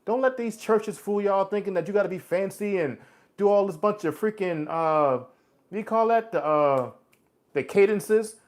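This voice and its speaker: A man's voice: high voice, normal speed. A man in his forties hosting a casual live chat. He answers viewers' comments bluntly and preaches at them, calling them "bro" and "man" in American street talk. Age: 40s. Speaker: livestream host.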